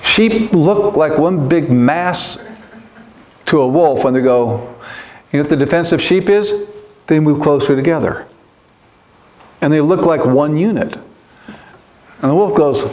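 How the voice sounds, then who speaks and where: Emphatic preaching man, slightly high voice. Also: lively intonation, unhurried, long pauses, darkish tone. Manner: earnest, emphatic preaching with insistent repetition. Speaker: pastor. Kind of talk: sermon. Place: church.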